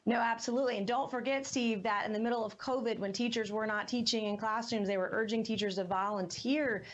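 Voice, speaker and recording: A woman appearing as a political guest on TV, delivering interview talking points in an insistent, measured way. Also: on the high side, fairly even intonation, highs cut off.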